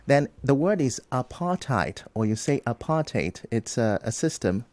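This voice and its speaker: A man in a radio studio, briskly correcting student debaters' pronunciation word by word and explaining each fix. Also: mid-range voice, sing-song, darkish tone, dry recording. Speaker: pronunciation coach on a radio show.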